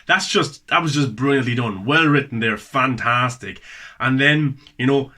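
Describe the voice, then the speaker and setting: Man, movie review host, casual and excited, bright tense tone, middling pitch. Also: normal speed. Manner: enthusiastic, repeats words for emphasis.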